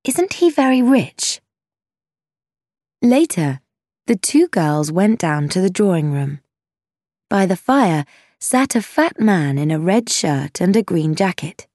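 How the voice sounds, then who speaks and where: A woman reading a storybook aloud as narrator, slow and measured with lively intonation. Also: fairly low pitch, no room sound, studio quality.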